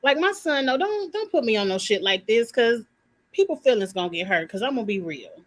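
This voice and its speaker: A woman's voice: fairly high pitch, big pitch swings, brisk. A woman giving her blunt, opinionated take on a reality show in casual live commentary. She uses slang, swears, and talks straight to her viewers.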